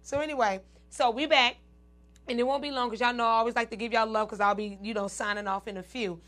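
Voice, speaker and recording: A woman's voice: fairly high pitch, fairly even intonation, quick pace, a bit bright. A woman hosting her own show, chatting casually to her viewers, addressing them as "y'all" and "ladies" and laughing often. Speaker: show host.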